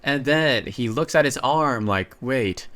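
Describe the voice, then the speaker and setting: A man narrating a comic story recap in a casual, chatty way, breaking in with excited asides. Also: mid-range voice, a little slow.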